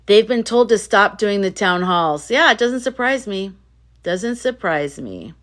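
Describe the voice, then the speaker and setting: A woman's voice: medium pitch, expressive, unhurried, a bit bright. A woman hosting a casual livestream, chatting and reading viewer comments in an emphatic way, often repeating herself. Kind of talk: casual live chat.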